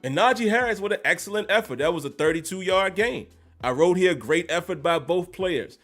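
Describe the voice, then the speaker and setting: A man hosting a live-streamed football recap, animated and emphatic, repeating phrases to drive his points home. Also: sits high, brisk, faint music behind. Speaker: sports commentary host.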